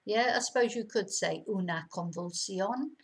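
A middle-aged woman teaching vocabulary in a casual lesson, chatty and slowing down to repeat words clearly. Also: mid-range voice, low-quality recording. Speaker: language teacher. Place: home in Spain.

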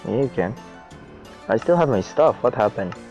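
Young male gaming host, loose casual commentary, pitch all over the place, swears freely; muffled recording with soft music behind. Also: moderate pace. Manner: excitable, swears a lot, shrieks when chased. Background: faint background music.

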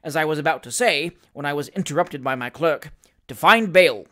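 A reader voicing a pompous, blustering male magistrate in an audiobook, speaking loudly, sharply and pettishly. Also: medium pitch, lively intonation, moderate pace, lightly acted. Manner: loud, peremptory and pettish. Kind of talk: audiobook character voice.

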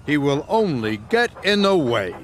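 A proud, pompous express engine in a children's cartoon, played by a man, sniffing at anything new. He draws out his words slowly with a wide swing of pitch. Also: big pitch swings, a little hiss or hum. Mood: sniffy.

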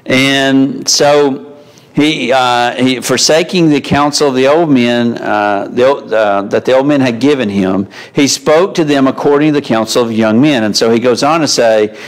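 Slow-talking man teaching a Bible class. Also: mid-range voice. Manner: conversational, asks the class questions, folksy phrasing. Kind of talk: mid-week Bible class lesson. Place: church classroom.

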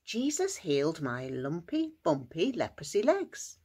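A woman voicing a suffering man with leprosy who pleads for help, in a high, excited voice. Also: unhurried, breathy edge, heavily acted. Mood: overjoyed.

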